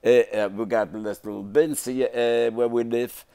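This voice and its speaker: A man's voice: medium pitch, steady tone, measured pace, creaky, mellow, clear, resonant tone. A man in his nineties telling his life story in a TV studio interview, with broken grammar, acting out the dialogue as he goes. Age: 90s. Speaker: interview guest.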